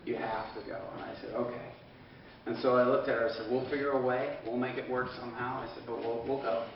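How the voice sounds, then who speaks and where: A man's voice: mid-range voice, level tone, fast, a little hiss or hum. A man preaching in a conversational storytelling way, often quoting others with "he goes", in a large hall. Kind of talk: storytelling sermon. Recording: echoey, distant, dull hall sound.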